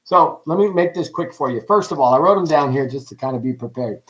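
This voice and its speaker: A man preaching on a livestream in a lively, joking way, asking his audience many questions. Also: mid-range voice, fast, poor audio. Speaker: pastor. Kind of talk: livestreamed ministry teaching.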